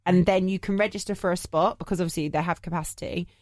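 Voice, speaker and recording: A woman co-hosting a podcast in casual chat, talking quickly in bursts with plenty of fillers and restarts. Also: on the low side, steady tone, a little mellow, no room sound, clean studio sound. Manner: chatty, lots of fillers and restarts. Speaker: podcast co-host.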